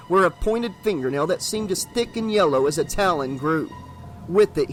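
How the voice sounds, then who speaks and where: A man's voice: a little high, a bit bright. Man narrating a horror audiobook.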